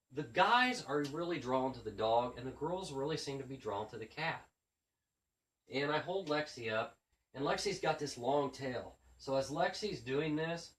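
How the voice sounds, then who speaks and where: A man, a children's book author, casually telling stories about his school visits and acting out how he talks to the kids. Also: mid-range voice. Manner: animated, acts out his classroom patter to kids. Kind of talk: casual storytelling monologue. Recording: roomy sound from a distant mic.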